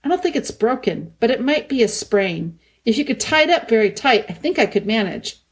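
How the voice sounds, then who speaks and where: A woman voicing a brave young king who speaks in a steady, clipped, understated way. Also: a little high, a little fast. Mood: grim. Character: young king Peter, brave and plain-spoken.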